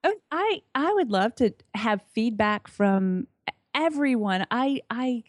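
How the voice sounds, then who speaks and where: A woman's voice: fairly high pitch, expressive, slow, no echo. Enthusiastic woman guest, dry close sound. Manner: warm, enthusiastic, restarts often. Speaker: podcast guest. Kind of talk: casual interview chat.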